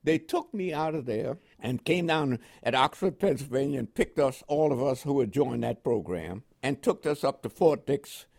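Older man, animated storyteller. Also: medium pitch, normal speed, creaky, few pauses. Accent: New York with West Indian inflections. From Panama. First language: French. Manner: lively, animated storyteller who acts out quoted voices. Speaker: interviewee. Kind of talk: oral history storytelling.

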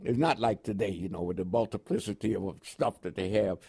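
A man's voice: fairly low pitch, brisk, creaky, slightly rough. An older man from Panama with a New York accent tinged with West Indian inflections, recounting his army years in an oral history interview and laughing now and then. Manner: animated storyteller with laughs and quoted dialogue. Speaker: interviewee, veteran.

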